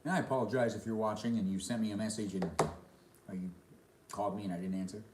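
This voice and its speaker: A man's voice: on the low side, fairly even intonation, fast talker, roomy sound, noisy background. A man chatting casually on a live stream while eating dinner, reading and answering chat comments between bites. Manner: talks between bites of food.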